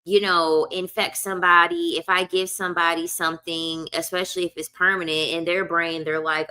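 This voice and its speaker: A woman's voice: lowish voice, a little slow, sharp tone, smooth. A young woman telling a casual storytime rant, blunt and profane, repeating lines for emphasis. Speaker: vlogger.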